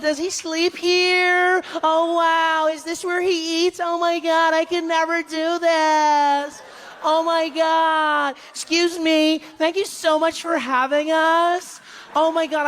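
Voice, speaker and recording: A man on a comedy stage mimicking gushing tourists, with a high, breathless, shrieking voice. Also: little pitch movement, slow pace, a bit bright, heavily acted. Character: gushing tourists in a tour group.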